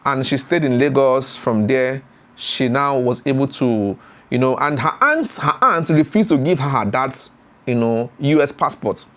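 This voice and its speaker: A man's voice: medium pitch, measured pace. A man, retelling a story as a YouTube commentator with many fillers and acted-out voices. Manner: animated retelling with frequent fillers, acts out voices.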